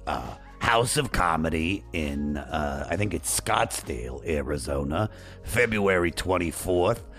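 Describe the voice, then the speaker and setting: A hoarse man hosts a podcast in loose, rambling chat, swearing freely and swinging his pitch widely. Faint music sits in the background. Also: fairly bright tone. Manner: loose, profane, rambling, self-promoting. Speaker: podcast host. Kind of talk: casual chat.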